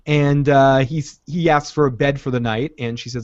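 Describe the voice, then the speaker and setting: A man co-hosting a casual recap chat, animated, acting out quotes in different voices and laughing often. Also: mid-range voice, normal speed, no echo. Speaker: podcast co-host. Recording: dull lo-fi audio.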